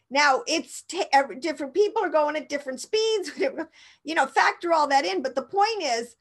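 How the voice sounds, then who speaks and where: A woman's voice: high-pitched, a bit bright. A woman giving an informal Bible teaching, rambling and emphatic, with frequent restarts.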